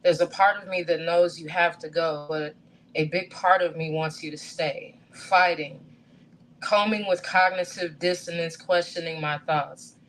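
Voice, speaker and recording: A woman's voice: on the low side, fairly even intonation, unhurried, fairly bright tone, a little hiss or hum, rough recording. A woman poet performing a reflective spoken word piece about grief.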